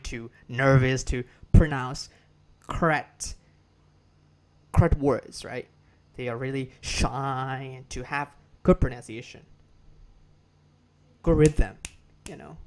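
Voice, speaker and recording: A man with a Burmese accent, speaking English as a second language, talks through an English lesson in a loose, conversational way at a middle pitch. He circles back over his phrases, restarts sentences and repeats key words so the listener can imitate them. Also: slow, long pauses. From Myanmar. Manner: repetitive, restarts phrases, drills words for copying. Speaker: English teacher. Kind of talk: casual spoken lesson.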